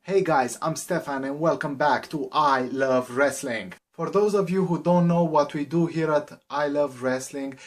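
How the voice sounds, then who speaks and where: A man hosting a wrestling show, delivering an upbeat intro and the week's news in a list-like way. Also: on the high side. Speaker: show host.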